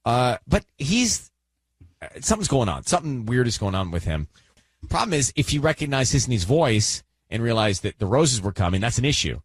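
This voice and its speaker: A male radio host leading studio banter in a brisk, teasing way. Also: mid-range voice, sing-song, breathy edge, no echo. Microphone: studio microphone.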